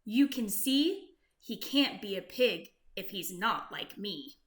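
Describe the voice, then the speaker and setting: A woman's voice: mid-range voice, expressive, slow. A woman voicing a snooty pig in a storybook, speaking in a dismissive, sniffy way.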